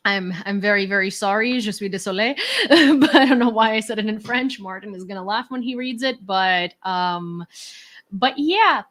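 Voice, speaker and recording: A woman from Ukraine hosts a relaxed livestream, chatting to her viewers from home. She talks in a rambling, ironic way, full of fillers and restarts. Her voice sits at an ordinary middle pitch for a woman. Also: normal speed. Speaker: livestream host. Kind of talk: casual livestream chat with viewers.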